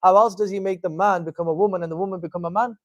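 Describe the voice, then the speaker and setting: A man giving an informal religious lecture as a teacher, animated and conversational, with frequent fillers and wry asides. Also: high voice, rapid-fire, no room sound. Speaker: Islamic teacher giving a talk.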